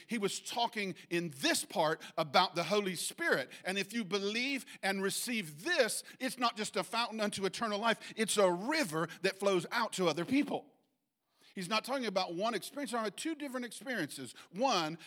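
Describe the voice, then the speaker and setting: Man preaching, fairly high voice, chatty teaching sermon, reads verses slowly, asks listeners if they follow. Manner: conversational, checks in with listeners, reads scripture slowly; bursts into loud acted shouts when quoting. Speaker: pastor.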